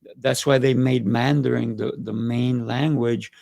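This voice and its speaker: A man with a gravelly, fry-edged voice talks easily as the host of a relaxed conversation, slipping in stories and asides. The sound is close and dry, with almost no room around it. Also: medium pitch, measured pace, no echo. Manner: chatty, storytelling with asides. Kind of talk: casual interview chat.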